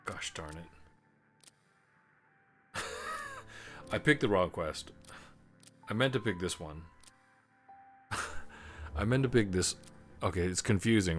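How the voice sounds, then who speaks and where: A man streaming a game live, chatting casually and laughing at his own mistakes. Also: deep voice. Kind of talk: live gameplay commentary.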